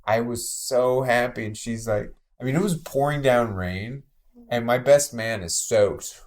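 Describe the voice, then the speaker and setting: A man's voice: mid-range voice, unhurried, darkish tone. A man telling stories as a guest, rambling and emotional with many restarts. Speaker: guest, bookstore co-owner. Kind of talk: casual storytelling conversation.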